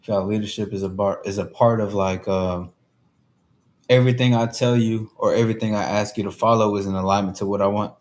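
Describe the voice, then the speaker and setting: Laid-back slangy man, low voice. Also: steady tone, brisk, a little mellow. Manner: laid-back slangy talk, addresses chat. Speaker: livestream host. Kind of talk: casual livestream chat.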